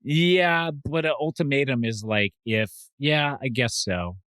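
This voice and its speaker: A man hosting a podcast, chatting casually in a relaxed, agreeable way. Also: medium pitch, a little slow, clean tone, no room sound. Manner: relaxed, agreeable, lots of "yeah". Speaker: podcast host. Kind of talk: casual chat.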